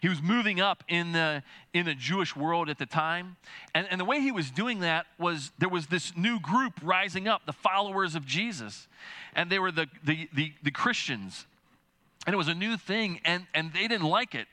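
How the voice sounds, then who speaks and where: Here a male pastor gives a lively but stop-and-start sermon full of repeated words. He dramatizes the voices he quotes, swinging widely in pitch.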